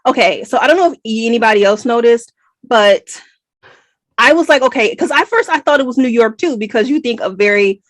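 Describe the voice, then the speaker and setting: American woman co-host, emphatic book chat, bright high voice, dry close sound. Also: brisk, dry recording. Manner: emphatic, animated. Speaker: podcast co-host. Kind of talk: casual book review chat.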